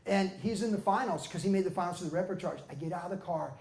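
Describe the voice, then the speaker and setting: An older man with a high voice and vocal fry, a pastor and former pro surfer, tells surf stories about his life at a book event in a surfing museum's event hall. He talks quickly and animatedly, acting out quotes with loud shouts and laughter. The room is reverberant.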